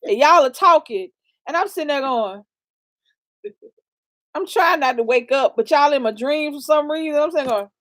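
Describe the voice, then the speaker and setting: A high-pitched woman co-hosting a casual chat, telling animated stories full of loud exclamations. The recording is dry and close, with no room sound. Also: normal speed, long pauses, no room sound. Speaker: co-host of a couple's channel.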